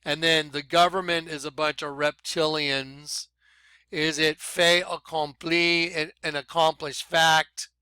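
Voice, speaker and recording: Man, excited vlog commentary, emphatic, slow drawn-out delivery, smooth clear voice. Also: a little high, no room sound. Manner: excitable, emphatic, apologizes for rushing. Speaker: video blogger. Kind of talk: excited conspiracy commentary over videos.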